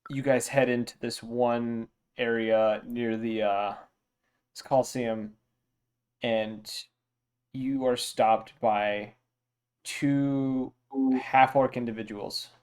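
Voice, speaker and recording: A man runs a tabletop session as game master, his voice smooth and resonant. He narrates with many pauses and fillers, speaking into a home desk microphone. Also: mid-range voice, steady tone, a little mellow. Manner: halting, filler-heavy narration.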